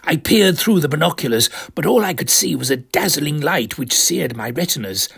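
A man voicing a pompous elderly English gentleman, telling his own adventure as a comic storybook tale. His voice is gravelly and a little husky, with plenty of lively ups and downs, and he drops posh old-fashioned slang as he goes. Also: fairly high pitch, normal speed. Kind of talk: comic first-person narration.

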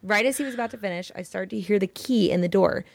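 A young woman co-hosting a podcast, talking casually and giggling as she reads out a story. Her voice has a gravelly fry to it. The sound is dry and close on a studio mic. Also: medium pitch, quick pace, no room sound. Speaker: podcast co-host. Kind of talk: casual chat and reading a listener story.

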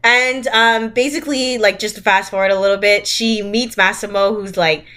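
Animated woman podcast co-host. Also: mid-range voice, normal speed. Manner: animated, laughs often, mocks lines in quotes. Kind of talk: casual chat.

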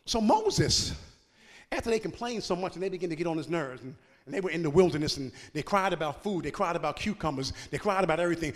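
A man's voice: high voice, animated, fast talker, long reverb tail. A man preaching a sermon in a folksy, playful way, joking with the congregation and laughing between phrases.

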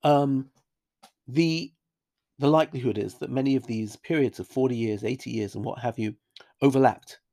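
A man's voice: medium pitch, normal speed, warm tone. Man teaching a Bible chapter. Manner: thoughtful, with fillers and restarts, Hebrew quotes.

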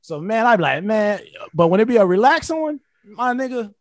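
A man's voice: high-pitched, fairly quick, a little hiss or hum. A young man co-hosting a podcast, telling crude stories in casual, profane slang. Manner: animated, profane storytelling with slang. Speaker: podcast co-host.

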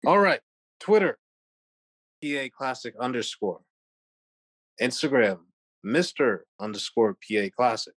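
Podcast guest, man, mid-pitched, earnest and upbeat, dry close sound. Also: expressive, a little slow, pauses often, a bit bright, husky, dry recording. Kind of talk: interview answers.

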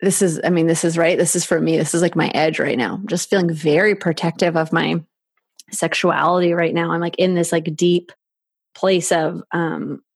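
A woman speaking as a podcast guest in an intimate conversation, slow and halting, soft, with many filler likes. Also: on the low side, fairly even intonation, gravelly, breathy edge, dry recording, studio quality.

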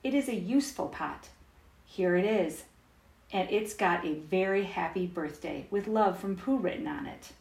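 A woman's voice: on the low side, expressive, moderate pace, gravelly, darkish tone. A woman reading the lines of a kind, simple teddy bear from a storybook, over an echoey intercom. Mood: cheerful.

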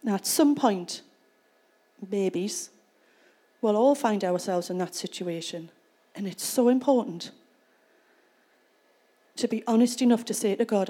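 A woman's voice: medium pitch, unhurried, long pauses, mellow. A woman preaching a sermon in church, retelling a scripture passage and explaining it in a conversational way. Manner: conversational storytelling, reads scripture then explains it.

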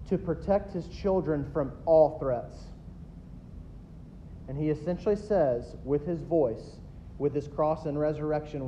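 A pastor in his thirties preaching a sermon, swinging between loud emphatic builds and quiet asides. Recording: dull lo-fi recording with faint rumble.

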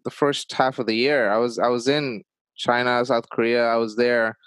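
Male interviewer born in Bangladesh, middle pitch, dry close sound, chatty and rambling. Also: little pitch movement, moderate pace, fairly bright tone, clear, resonant tone, no room sound, low-quality recording. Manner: chatty, rambling, frequent restarts. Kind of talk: casual conversational interview.

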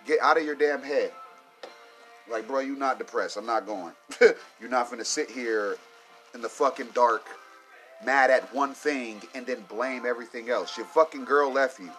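A man on a podcast, talking in a loose, profane, slang-heavy rant that swells into loud, worked-up venting. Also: medium pitch, normal speed, soft background music.

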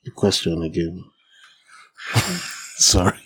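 A man in a casual chat with his wife. He is laid-back and halting, often laughing and trailing off. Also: low-pitched, fairly even intonation, fairly bright tone, low-quality recording. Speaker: podcast co-host, married to the other speaker.

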